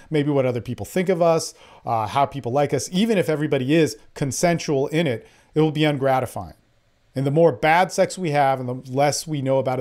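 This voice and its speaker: A man's voice: mid-range voice, darkish tone. A man who works as a dating coach, talking in an angry, profane, rambling monologue. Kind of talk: impassioned monologue.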